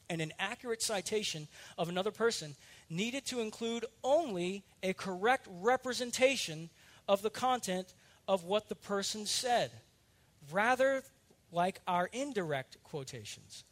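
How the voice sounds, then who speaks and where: A middle-aged male pastor teaching a sermon in an earnest, conversational way, with lively asides and self-corrections. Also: high-pitched.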